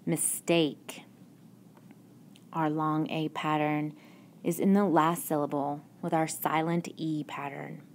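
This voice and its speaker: A woman teaching a phonics lesson, speaking very slowly and patiently with a somewhat low voice. She praises and guides as if talking to young pupils. A faint background hiss sits under her voice. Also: little pitch movement. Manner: slow, patient, encouraging classroom delivery. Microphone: tablet microphone.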